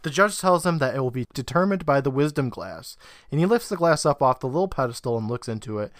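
A man's voice: medium pitch, expressive, quick pace, dry recording, studio quality. A young man, a podcast co-host, retelling an episode's plot at length in casual chat, acting out lines and laughing often.

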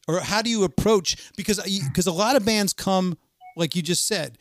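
A man's voice: high-pitched, moderate pace, no echo, studio quality. A man hosting a casual interview, asking long rambling questions full of fillers. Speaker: podcast host.

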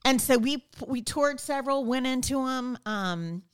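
A middle-aged woman, a podcast guest, telling stories in casual conversation and acting out quoted lines with lively energy. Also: high voice, a little slow, smooth. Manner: animated, acts out quoted dialogue. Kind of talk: casual storytelling interview.

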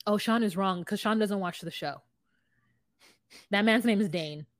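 A woman's voice: medium pitch, a little slow, no echo. A woman co-hosting a podcast, recapping a reality show in casual, gossipy chat full of "like" and "um". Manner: gossipy, lots of "like" and "um", puts on voices while quoting. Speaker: podcast co-host.

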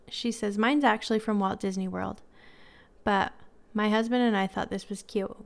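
A woman's voice: medium pitch, gravelly, smooth. A woman hosting a podcast, reading listener stories aloud in a casual chat with frequent laughs. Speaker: podcast host.

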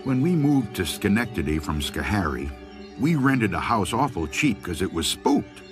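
A man reading scary stories aloud, slow and expressive. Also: fairly low pitch, music in the background. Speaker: storyteller.

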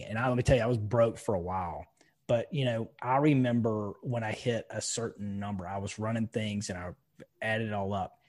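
A man's voice: fairly low pitch, darkish tone. A middle-aged man who owns an insurance office, talking casually on a podcast and swearing freely as he tells stories. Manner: emphatic storytelling with frequent profanity. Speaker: podcast host, insurance agency owner.

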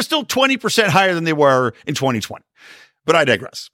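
A man's voice: a little high, fairly quick, dry recording, studio quality. A middle-aged man hosting a podcast, telling stories and ranting in a sarcastic, profane, casual way. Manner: profane, sarcastic, animated storytelling with sudden yelling. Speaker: podcast host.

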